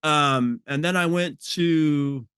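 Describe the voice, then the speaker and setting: A man hosting a podcast, chatting casually and relaxed. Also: fairly high pitch, takes it slowly, clean tone, dry recording, studio quality. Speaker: podcast host. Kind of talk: casual chat.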